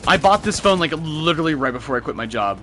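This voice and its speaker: A man's voice: fairly high pitch, animated, fast talker, a bit bright, slight background noise. Young man, casual gaming chat, profane, laughing, faint ambience behind. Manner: profane storytelling, laughs often.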